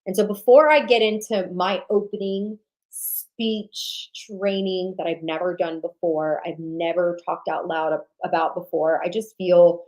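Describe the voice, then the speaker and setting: A woman hosting an online sales summit livestream, giving an emphatic motivational talk that repeats lines for emphasis and swings between loud punches and low, intimate drops. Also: steady tone, measured pace, low-quality recording. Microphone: livestream webcam mic.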